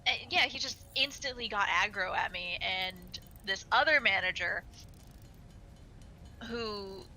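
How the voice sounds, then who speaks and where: A young woman co-hosting a gaming video in casual chat, a lively storyteller who laughs often. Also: medium pitch, measured pace, soft background music, poor audio. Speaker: gaming channel co-host. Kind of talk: casual chat while playing a game.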